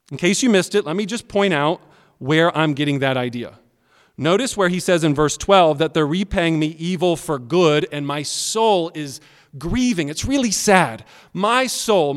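A pastor preaching an expressive sermon that now and then speaks directly to the children. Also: male voice, on the high side. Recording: long hall reverb.

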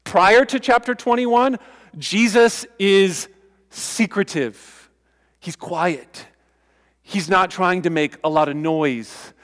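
Pastor, man, slightly high voice, conversational emphatic sermon, long hall reverb. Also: slow, fairly bright tone. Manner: conversational, emphatic preaching with asides.

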